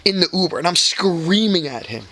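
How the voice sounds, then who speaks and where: A man's voice: sits high, lively intonation, fairly quick, sharp tone, slight background noise. A young man co-hosting a podcast, telling a party story in a loose, swearing, filler-heavy ramble. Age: young adult. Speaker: podcast co-host. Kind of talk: casual storytelling chat.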